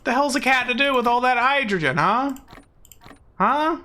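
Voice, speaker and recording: A man's voice: very high voice, expressive, normal speed, sharp tone, voice pushed up, heavily acted. A man voicing a wisecracking Italian cartoon cat who fires off indignant, heckling questions.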